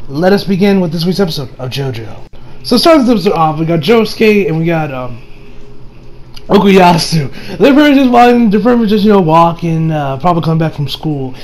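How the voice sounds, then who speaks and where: A man's voice: on the high side, big pitch swings, a little fast, a little mellow, low-quality recording. A man giving a casual episode review, rambling with frequent laughs and restarts. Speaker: anime reviewer.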